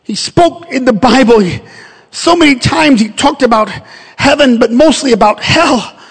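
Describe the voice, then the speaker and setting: A male pastor preaching a sermon, shifting from calm storytelling to loud, shouted exhortation. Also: very high voice, normal speed, breathy edge, in a large hall.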